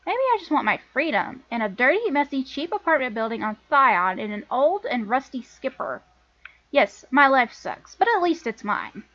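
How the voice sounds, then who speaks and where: A woman's voice: high voice, very animated, moderate pace, sharp tone, highs cut off, exaggerated voice. A woman reading a defiant young scavenger woman. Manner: defiant, sarcastic.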